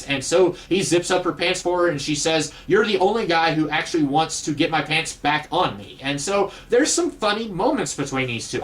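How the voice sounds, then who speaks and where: Guy rambling through a movie review, kinda high voice, wry and dismissive, says uh a lot. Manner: frequent "uh" fillers, wry and dismissive. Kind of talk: casual spoken film review.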